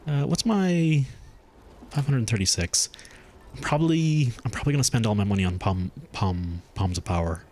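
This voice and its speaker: Chatty male streamer thinking aloud. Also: moderate pace. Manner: chatty, thinks aloud, lively swings in pitch. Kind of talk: casual gameplay commentary.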